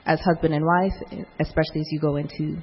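A woman with a husky voice speaks about marriage and raising children in a church talk. She talks calmly and in a measured way, pausing often, and the sound is somewhat dull. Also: deep voice. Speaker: mother speaking alongside her husband.

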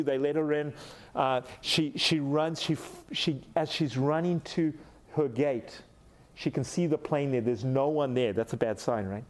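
A man's voice: mid-range voice, unhurried, a little mellow. A middle-aged man from Africa giving a sermon, telling a personal story with animation and acting out the quoted lines. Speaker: pastor.

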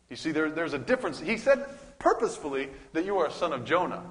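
A male pastor teaching a bible study, animated, asking questions and reading scripture aloud. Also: fairly high pitch, fast talker, hardly any pauses, long reverb tail.

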